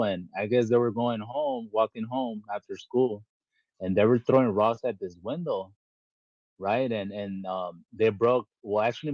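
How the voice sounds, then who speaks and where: Podcast co-host, man, lowish voice, candid and profane, dry muffled recording. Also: a little mellow, no echo. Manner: blunt, profane, rambling with many fillers. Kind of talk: candid casual chat. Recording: dull, dry lo-fi audio.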